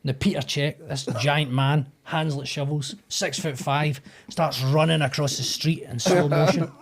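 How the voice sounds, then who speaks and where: A Scottish man, an actor and podcast guest, telling a long anecdote in a casual, animated way, acting out the voices of the people in it. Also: a little high, unhurried. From Scotland. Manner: animated anecdote-telling, acts out quoted voices, swears freely. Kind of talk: casual storytelling.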